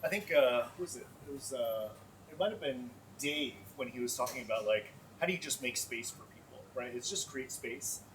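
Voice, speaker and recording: A man's voice: medium pitch, a little fast, fairly bright tone. A man speaking as a panelist in a panel discussion, talking in an earnest, conversational way with lots of "like.". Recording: far-off mic with faint noise.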